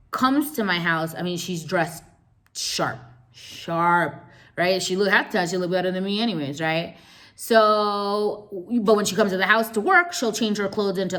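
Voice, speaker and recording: A woman's voice: lowish voice, fairly bright tone. A woman host giving an emphatic business talk, repeating key words and checking in with "right?".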